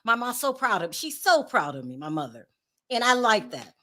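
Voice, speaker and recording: Woman, high bright voice, very animated pitch, opinionated gossip host, talks to her chat. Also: fairly quick. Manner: opinionated, laughing often, talks to chat viewers. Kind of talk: celebrity gossip livestream commentary.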